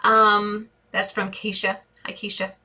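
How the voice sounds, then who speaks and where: A woman's voice: medium pitch, flat delivery, a little slow, bright, forceful tone, slightly rough. A woman with a New York accent hosting a live stream, chatting through viewer questions in an effusive, think-aloud way. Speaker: interior design host answering viewer questions.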